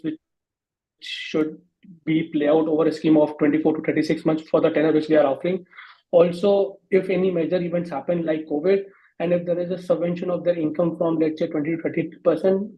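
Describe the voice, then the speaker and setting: A man speaking as a panelist on a video call, halting and full of fillers. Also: fairly high pitch. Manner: halting, many fillers and restarts. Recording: dull lo-fi call audio.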